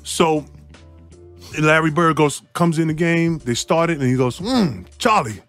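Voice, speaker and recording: A man's voice: fairly high pitch, unhurried, clean tone, faint music behind. A man, a former basketball player, telling an anecdote in an interview, acting out quoted lines and laughing often. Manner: lively storyteller who acts out quotes and laughs often.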